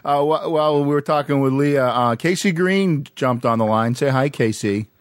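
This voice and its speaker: A man hosting a casual podcast chat, relaxed and quick to laugh. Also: mid-range voice, dry recording, clean studio sound. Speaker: podcast host.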